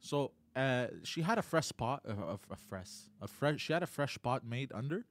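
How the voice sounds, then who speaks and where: A man's voice: mid-range voice, lively intonation, moderate pace. A man on a casual podcast, telling a story at length and peppering it with "you know" and "bro". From Montreal area.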